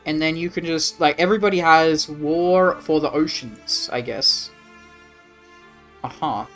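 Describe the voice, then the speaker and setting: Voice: medium pitch, a little slow, a bit bright, faint music behind. Rambling Australian game streamer. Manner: rambling, casual swearing, answers chat. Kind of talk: casual live-stream chat.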